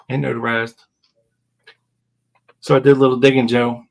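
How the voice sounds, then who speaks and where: A man's voice: medium pitch, little pitch movement, moderate pace, creaky, long pauses, rough recording. A podcast host in his fifties chatting casually and reading old legal papers aloud with wry asides. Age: 50s.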